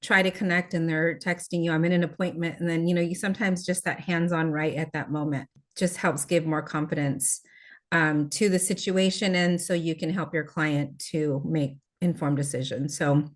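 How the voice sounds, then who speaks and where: A woman's voice: low-pitched, steady tone, moderate pace. A woman giving a chatty, grateful testimonial on a video call, with plenty of fillers. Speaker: meeting participant. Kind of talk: casual testimonial.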